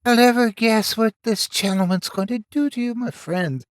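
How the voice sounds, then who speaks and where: A man voicing a sinister male villain who speaks in an irritating high falsetto and sneers. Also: normal speed, dry recording, studio quality, natural voice. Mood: menacing glee.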